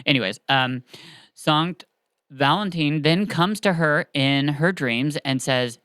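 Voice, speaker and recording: A podcast host casually retelling a story in a chatty, animated way, with filler words. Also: medium pitch, slow pace, smooth, no echo.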